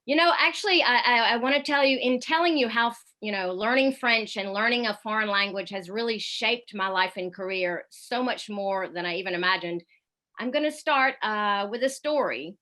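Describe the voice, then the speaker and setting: Woman, radio correspondent, bright storyteller on a video call, chatty with fillers. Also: mid-range voice, normal speed. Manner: lively anecdotal storytelling with fillers. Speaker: radio correspondent giving a talk. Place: home in Paris, at night.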